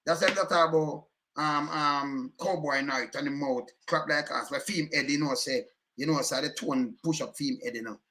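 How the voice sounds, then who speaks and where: A man's voice: fairly high pitch, moderate pace, few pauses, sharp tone, a little hiss or hum. A Jamaican man giving heated, emphatic commentary in patois, repeating himself and cursing often.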